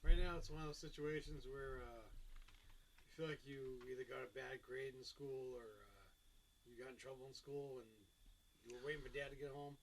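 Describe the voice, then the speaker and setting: A man's voice: mid-range voice, fairly even intonation, brisk, rough recording. A man co-hosting a podcast in casual chat, rambling through long explanations with restarts. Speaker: podcast co-host. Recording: hissy background noise.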